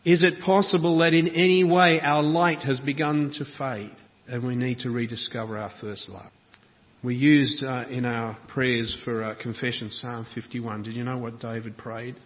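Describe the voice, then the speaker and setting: A man's voice: medium pitch, fairly even intonation, moderate pace, in a large hall, muffled recording. A man preaching a sermon, building rhythmic lists and asking reflective questions.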